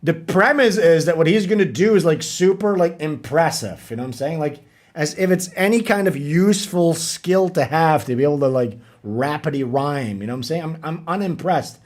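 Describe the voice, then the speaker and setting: High-voiced man ranting on a livestream. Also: expressive, normal speed, darkish tone. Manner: profane, ranting, mocking. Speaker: livestream host. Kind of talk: casual livestream chat.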